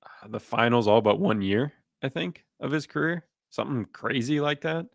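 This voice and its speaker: A man co-hosting a sports podcast, rambling in a relaxed way with lots of fillers and restarts. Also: medium pitch, moderate pace, vocal fry, no echo. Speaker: podcast co-host. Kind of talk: casual sports chat.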